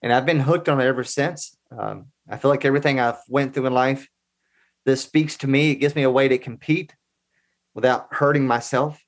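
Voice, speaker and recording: A man's voice: mid-range voice, normal speed. A man in his forties telling personal stories as a guest in a casual interview, in an earnest, conversational way. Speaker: podcast guest.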